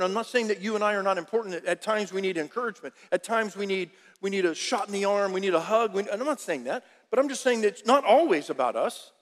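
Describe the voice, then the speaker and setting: A male pastor preaching a sermon in an animated, emphatic way, often repeating phrases. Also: high-pitched, long reverb tail.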